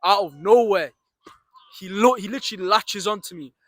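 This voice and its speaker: A young man telling a story about his day, swearing freely and acting out the shouts and the other voices. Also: sits high, moderate pace, dry recording. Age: young adult. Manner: swears freely, retells with reenacted shouts and asides. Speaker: storyteller vlogger. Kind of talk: animated storytime monologue.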